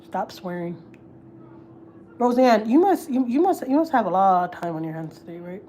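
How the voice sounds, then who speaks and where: A woman's voice: medium pitch, expressive, normal speed, mellow, a little hiss or hum. A woman, chatting casually and swearing freely as host of a gossip livestream, often repeating herself. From Houston, Texas.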